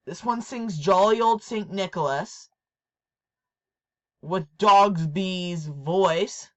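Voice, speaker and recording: Speaking very slowly in a fairly low voice, a woman presents her toys in an informal show-and-tell. She's hesitant and repetitive, frequently starting her sentences over.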